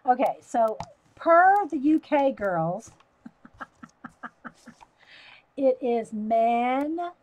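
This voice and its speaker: A woman's voice: fairly high pitch, expressive, very slow, long pauses, darkish tone, low-quality recording. A woman with a Southern US accent, chatting casually on a livestream while she draws. She talks to viewers by name and laughs often. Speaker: livestream host. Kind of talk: casual live-stream chat while drawing.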